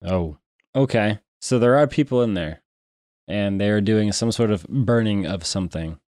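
A man's voice: fairly low pitch, moderate pace, darkish tone, no echo, studio quality. A man playing a tabletop game, joking and playful as he talks. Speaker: player. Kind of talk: casual chat at a tabletop game.

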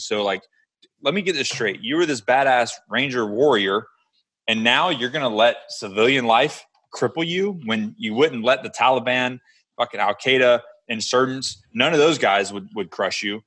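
A man in his thirties in casual chat, talking bluntly and with lots of swearing, getting animated as he goes. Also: mid-range voice, normal speed. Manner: blunt, profane, animated tough talk.

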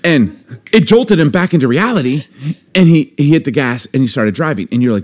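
A man in casual podcast chat, animated and theatrical as he acts out his own reactions. His pitch swings widely, and he speaks into a close studio mic. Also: moderate pace. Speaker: podcast co-host.

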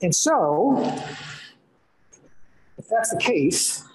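A man's voice: high voice, sing-song, extremely slow, a little mellow, a little hiss or hum. A middle-aged man preaching a sermon as a pastor, earnest, asking rhetorical questions and repeating phrases for emphasis. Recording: roomy echo of a hall.

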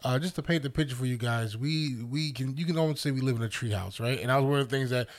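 An upbeat man co-hosts a relaxed podcast, speaking at a medium pitch in an easygoing way. He talks to his listeners as if they were family, and he often restarts and repeats his words as he goes. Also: quick pace. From Northeastern United States. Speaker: podcast co-host. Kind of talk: casual chat.

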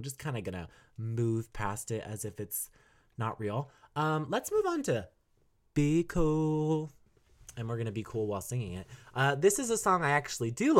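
A young man hosting a casual solo podcast, chatting and rambling as he reviews songs, laughing often and singing bits of lyrics. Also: mid-range voice. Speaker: podcast host reviewing albums.

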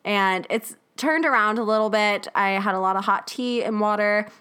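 A woman's voice: medium pitch, normal speed, sharp tone, clear, resonant tone. A young woman co-hosting a podcast, chatting upbeat and giggly while a little congested from a cold. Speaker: podcast co-host. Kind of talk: casual chat.

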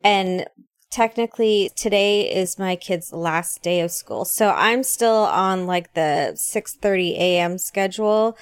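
A woman in her forties co-hosting a podcast in casual chat, animated and rambling as she talks. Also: medium pitch, unhurried, clean tone, no room sound, studio quality. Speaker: podcast co-host.

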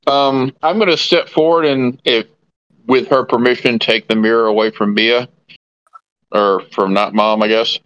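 Smooth-voiced hesitant man player. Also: medium pitch, steady tone, moderate pace, a bit bright, no room sound, muffled recording. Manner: rambling, hesitant with fillers. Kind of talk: casual tabletop play.

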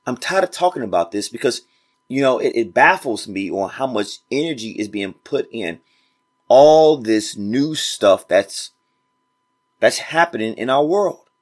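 A man's voice: medium pitch, animated, a little slow. A man hosting a motivational podcast, speaking casually and preaching straight to his listeners, repeating phrases for emphasis. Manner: casual informal grammar. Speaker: podcast host.

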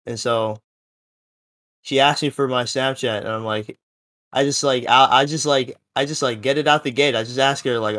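A man's voice: mid-range voice, fairly even intonation, normal speed, fairly bright tone. A seventeen-year-old young man telling a story in a casual podcast chat, rambling and full of fillers. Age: teens. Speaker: podcast co-host.

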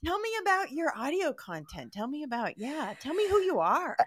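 A woman's voice: sits high, big pitch swings, moderate pace, a bit bright, no room sound, studio quality. A woman hosting a podcast in casual chat, rambling and laughing often. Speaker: podcast host.

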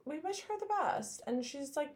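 A woman co-hosting a podcast in casual chat, giggly and playful, talking in quick bursts. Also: high voice, animated. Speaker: podcast co-host.

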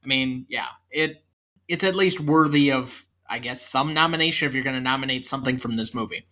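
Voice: mid-range voice, a little fast, pushed and bright. A podcast co-host in a casual movie review chat, talking with a sarcastic, dismissive edge.

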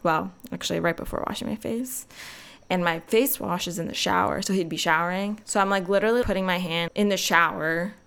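A woman's voice: on the low side, fairly quick, vocal fry, a bit bright, clear, resonant tone. A young woman hosting a podcast, chatting casually and rambling with lots of fillers. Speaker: podcast host. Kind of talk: casual solo podcast chat.

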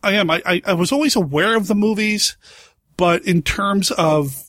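A man's voice: sits high, normal speed, fairly bright tone, no echo, studio quality. A man co-hosting a film podcast, talking in an easygoing, self-deprecating way. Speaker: podcast co-host. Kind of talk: casual film discussion.

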